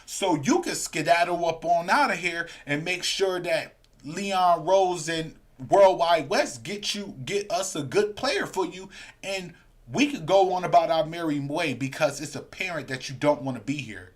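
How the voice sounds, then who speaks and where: A man's voice: a little high, measured pace. A man hosting a live sports fan stream, ranting heatedly and reading viewer comments aloud. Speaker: podcast host.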